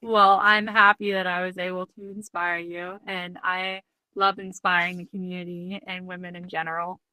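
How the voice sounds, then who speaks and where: A woman interview guest who talks casually and encouragingly, offering warm affirmations. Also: lowish voice, flat delivery, normal speed, clear, resonant tone, no echo, rough recording. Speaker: guest, pro rider. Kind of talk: casual chat.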